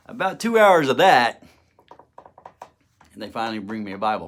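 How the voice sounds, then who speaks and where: A man's voice: medium pitch, very animated, normal speed, pauses often, a bit bright. A middle-aged man telling a personal testimony, emotional and dramatic, acting out the quoted words. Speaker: testimony speaker.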